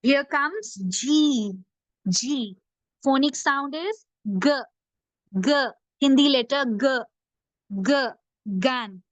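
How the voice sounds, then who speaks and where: Her voice sits high and sounds animated, with drawn-out words and frequent pauses, recorded lo-fi with no echo. She's a woman leading a phonics lesson, patiently repeating letter sounds again and again for young learners.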